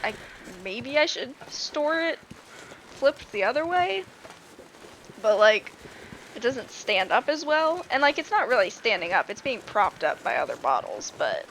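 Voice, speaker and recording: A woman's voice: a little high, a bit bright, a little hiss or hum. A woman streaming a game, chatting casually in rambling anecdotes, laughing often and filling her talk with "like". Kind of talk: casual chat while gaming.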